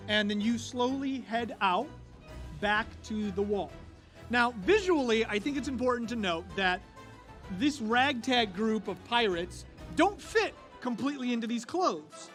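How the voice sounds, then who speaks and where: A man narrating a live tabletop game as game master, casual and quick. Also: very high-pitched, animated, a bit bright. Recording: live stage with faint music.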